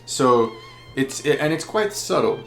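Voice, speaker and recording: Gravelly male violin teacher, roomy sound. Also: mid-range voice, lively intonation, takes it slowly, a bit bright, soft background music. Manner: patient, explanatory, with frequent fillers. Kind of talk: instructional explanation. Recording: roomy echo.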